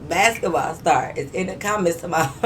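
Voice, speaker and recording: Animated low-voiced woman telling a story. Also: moderate pace, noisy background. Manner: animated, laughing often, talks straight to viewers; profane and emphatic. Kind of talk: casual storytime vlog.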